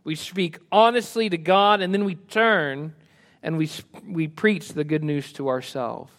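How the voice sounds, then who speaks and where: A male pastor preaching a sermon, rising to emphatic lines and dropping to soft, quiet asides. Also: a little high, a little slow.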